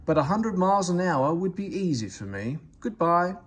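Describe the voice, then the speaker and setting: A man's voice: sits high, big pitch swings, moderate pace, husky, voice pushed up, heavily acted. A man doing a pompous, grumbling engine. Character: pompous, boastful big male express engine.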